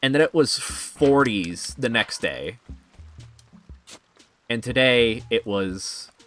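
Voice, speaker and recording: A man's voice: medium pitch, animated, takes it slowly, fairly bright tone, faint music behind. A man streaming a video game, chatting casually with his audience and laughing at his own jokes. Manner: chatty, laughing, jokey asides to chat. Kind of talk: casual gaming stream chat.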